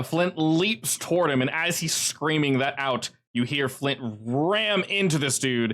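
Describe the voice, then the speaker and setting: A man narrating as game master of an online tabletop game, with animated jumps in pitch. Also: measured pace, few pauses.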